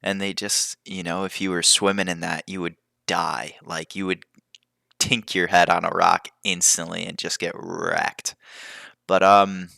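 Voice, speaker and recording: A man's voice: deep voice, flat delivery, a little slow, vocal fry, pushed and bright, no echo, studio quality. A young man hosting a podcast, talking casually and drifting into tangents. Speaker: podcast host. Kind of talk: casual rambling monologue.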